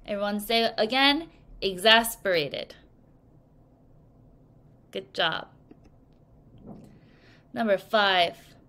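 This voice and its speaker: A woman teaching English vocabulary to children in a recorded lesson, speaking slowly and clearly and acting out example sentences. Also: mid-range voice, fairly bright tone. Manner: slow, clear teacherly delivery with acted examples.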